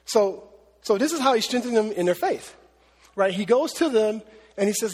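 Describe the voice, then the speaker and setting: Man, pastor, sermon, high husky voice, chatty teaching asides, long hall reverb. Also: animated, moderate pace, a little mellow. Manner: conversational teaching, many "right?" and "okay?" asides.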